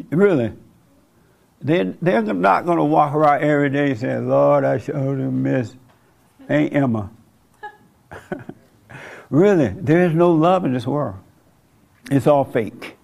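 A man's voice: on the high side, measured pace, gravelly, long pauses, a little mellow. A man preaching an informal sermon to a small group, conversational, asking rhetorical questions and chuckling at his own points.

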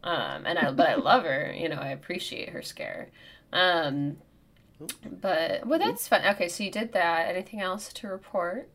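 Woman podcast host in her 30s, lowish voice, cracking herself up telling a wild story, swears a lot. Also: moderate pace. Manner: animated, profane, comic storytelling. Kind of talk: casual storytelling chat.

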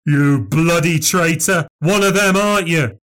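A man's voice: fairly high pitch, animated, extremely slow, pitched above the performer's own voice, full character voice. A man voicing a dishevelled, drunk old man, bellowing and ranting in a story. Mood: drunken rage. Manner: shouting, ranting, slurred bellowing.

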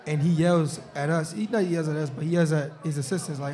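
Guest-hosting a live podcast in a restaurant, a pro football player talks casually, laughing often and repeating "you know what I'm saying." His voice is fairly high and steady in tone, brisk in pace, against a noisy background.

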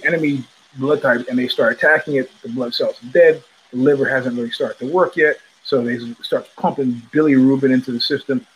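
A man hosting a podcast, telling a story in a loose, animated way and acting out the voices of the people in it. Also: medium pitch, slight background noise, low-quality recording. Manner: animated, profane, acts out quoted voices. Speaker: podcast host. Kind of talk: casual storytelling monologue. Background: child heard in the background.

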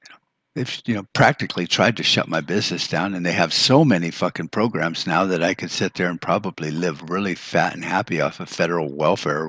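A deep-voiced American man rants in a blunt, frustrated podcast monologue, swearing freely. His voice is husky and low. The sound is dry and close, with no room around it. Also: fairly bright tone, no echo. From United States. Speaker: podcast host. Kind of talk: profane ranting monologue.

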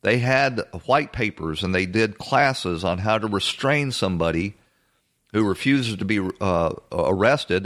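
A man with a fairly low voice hosts a political commentary monologue. He speaks bluntly and assertively. He hesitates often and fills the pauses with fillers and restarts. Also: a bit bright. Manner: halting, with frequent fillers and restarts. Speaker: host.

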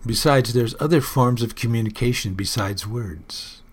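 A man's voice: mid-range voice, moderate pace, breathy edge. A man hosting his own personal report, musing aloud in an earnest, casual monologue.

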